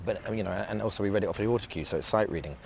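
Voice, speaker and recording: An English man, an actor being interviewed, talking in a halting, reflective way with many restarts. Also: fairly low pitch, creaky, a little mellow, slight background noise. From England. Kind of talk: casual interview talk.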